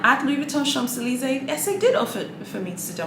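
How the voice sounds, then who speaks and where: Sassy bright-voiced woman in echoey room. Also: sits high, very animated, fast talker, creaky, slight background noise. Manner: sassy, chatty, calls people "honey" and "boo-boo". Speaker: luxury handbag vlogger. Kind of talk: casual opinionated commentary.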